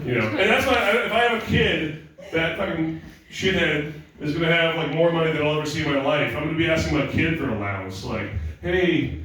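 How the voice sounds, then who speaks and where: A man's voice: on the high side, a little fast, fairly bright tone. A young man doing a crude, rambling, self-mocking stand-up set at a comedy show. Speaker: stand-up comic. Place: comedy club stage. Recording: echoey room, far from mic, noisy.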